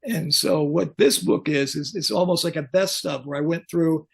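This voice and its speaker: An older man with a gravelly, husky voice sitting a little higher than most men. He tells his tales bluntly and with humor, as a guest on a video-call interview. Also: moderate pace. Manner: blunt, joking, animated anecdotes. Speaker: guest, pyrotechnics technician. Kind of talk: casual storytelling interview.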